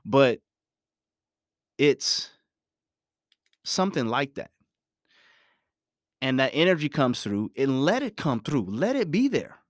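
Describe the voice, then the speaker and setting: A man delivers an emphatic motivational talk and drives his points home by repeating them. His pitch swings widely and expressively. The recording is dry, with no room echo. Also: big pitch swings, takes it slowly, long pauses. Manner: repetitive, emphatic, preachy. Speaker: motivational speaker.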